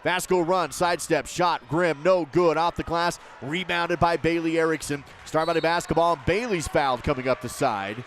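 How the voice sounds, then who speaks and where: A man calling a live basketball game play by play, in quick, clipped phrases that lift on missed shots. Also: fairly high pitch, fairly bright tone, a little hiss or hum. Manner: rapid, clipped calls that rise on misses. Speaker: play-by-play announcer.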